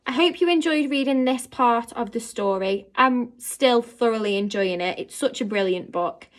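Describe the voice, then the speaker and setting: A woman teacher reading a children's novel aloud to her pupils in an expressive storytelling manner. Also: on the high side, normal speed.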